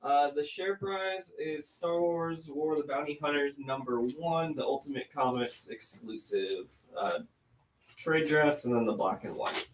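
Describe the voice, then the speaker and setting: A man's voice: fairly high pitch, a little slow. A man co-hosting a live sale who takes claims, asking brief questions in casual chat. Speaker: co-host taking claims. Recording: roomy, far from the mic, faint noise.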